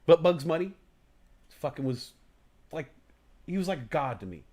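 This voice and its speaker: A man hosts a casual livestream talk show with a fairly high voice. He tells stories with lots of energy, acting out inner voices and swearing casually. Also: unhurried. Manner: animated storytelling, acts out inner voices loudly, swears casually.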